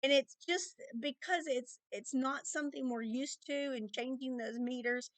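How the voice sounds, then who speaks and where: A woman's voice: high-pitched, normal speed, no room sound. A woman teaching a recorded music lesson to children, patiently explaining rhythms and counting them aloud.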